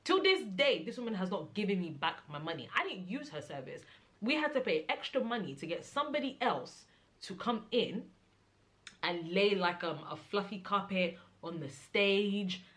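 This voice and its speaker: A young adult woman vlogger telling a casual story, animated and mimicking the people in it, rising to exasperated high-pitched outbursts. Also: moderate pace. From Nigeria.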